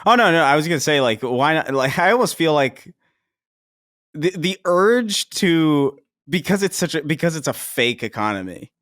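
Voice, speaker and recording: A podcast co-host with a somewhat high, fairly bright voice chats casually at a normal speed with lively intonation. He sounds hesitant, restarting often and using many fillers, and the studio sound is clean with no room sound.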